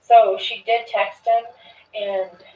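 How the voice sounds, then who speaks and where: A woman's voice: mid-range voice, flat delivery, takes it slowly, darkish tone, lo-fi sound. Chatty woman in a distant, echoey recording. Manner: retells text exchanges with many "I was like" and "she's like"; loose and chatty, with fillers and restarts. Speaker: friend recounting events to an interviewer. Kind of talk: recounted testimony in an interview.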